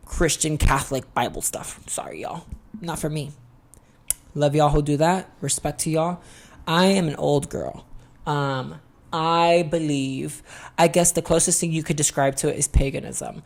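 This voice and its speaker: A young adult woman hosting her own podcast in a candid, expressive confessional chat, swearing freely and calling listeners honey. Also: sits low. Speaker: podcast host.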